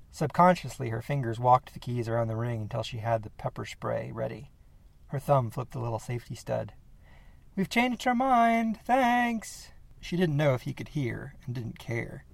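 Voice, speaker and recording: A man narrating a horror story in a steady, measured reading voice. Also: medium pitch, vocal fry, no room sound.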